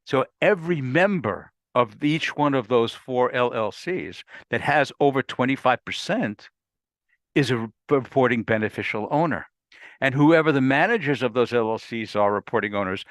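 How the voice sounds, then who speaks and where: A man's voice: mid-range voice, no room sound, clean studio sound. A male lawyer explaining a new law in a conversational, emphatic way, with repetitions and folksy asides. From United States. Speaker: lawyer hosting a legal briefing.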